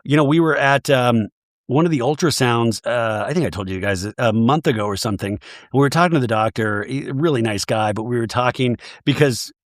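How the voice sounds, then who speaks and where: A man hosting a comedic podcast recapping reality TV, rambling and animated with jokey asides. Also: medium pitch, a little fast, no room sound, clean studio sound. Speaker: podcast host.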